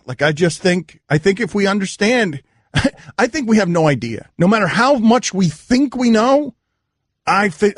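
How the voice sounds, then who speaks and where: A radio host with a fairly high voice makes his point earnestly, repeating phrases as he feels his way forward. The sound is dry and close to the mic. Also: dry recording. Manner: earnest, searching for words, repeats himself. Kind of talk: sports talk radio discussion.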